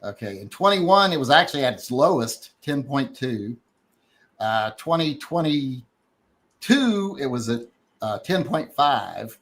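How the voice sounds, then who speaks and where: A man's voice: medium pitch, very animated, slow, fairly bright tone. A man in a heated online debate, pressing his points while coughing now and then. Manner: argumentative, pressing questions.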